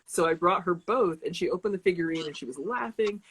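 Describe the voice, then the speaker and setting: A woman's voice: fairly low pitch, lively intonation, fairly quick, slightly rough, rough recording. A young adult woman chatting casually as an author guest, rambling with restarts and laughing often. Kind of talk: casual interview chat.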